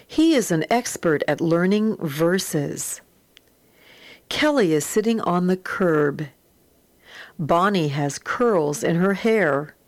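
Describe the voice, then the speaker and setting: A woman teaching a phonics lesson, reading word lists and sentences aloud slowly and deliberately. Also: on the low side, no echo.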